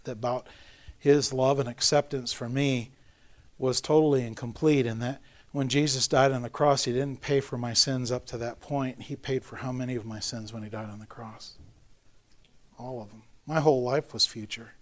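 A middle-aged man preaching a sermon in a conversational, joking way, with self-deprecating asides and animated storytelling. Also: medium pitch, normal speed. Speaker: pastor.

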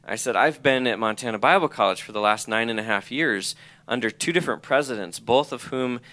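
A man's voice: mid-range voice, brisk, pushed and bright. A middle-aged man giving an earnest personal testimony, reading aloud from his own journal. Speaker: college president or ministry leader.

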